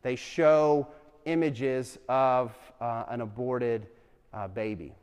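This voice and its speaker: Animated man teaching in an echoing hall. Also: mid-range voice, slow, clear, resonant tone. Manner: animated storyteller, asks the room questions. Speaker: speaker teaching a class. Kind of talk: lively classroom talk with questions to students. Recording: long reverb in a hall.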